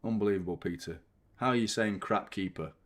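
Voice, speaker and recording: A man's voice: on the low side, fairly quick. A young man hosting a live football watchalong, ranting and swearing constantly in exasperation. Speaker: fan channel host.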